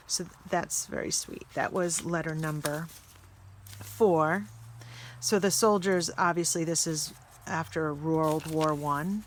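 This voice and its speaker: Woman vlog host, lowish voice, casual and chatty, reads letters aloud, faint room ambience. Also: a little hiss or hum. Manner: chatty, stops to puzzle over words. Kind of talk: casual chat, reading old letters aloud.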